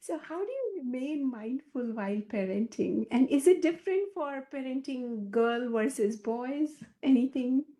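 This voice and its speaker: Host: woman with a fairly high, warm voice who asks gentle, encouraging questions. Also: lively intonation, unhurried, hardly any pauses. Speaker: interview host. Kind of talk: interview questions.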